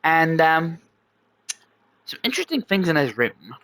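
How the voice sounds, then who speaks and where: A man's voice: a little high, very animated, measured pace, a bit bright, dry recording. A man voicing a clueless, upbeat young man who rambles and stammers. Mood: cheerful.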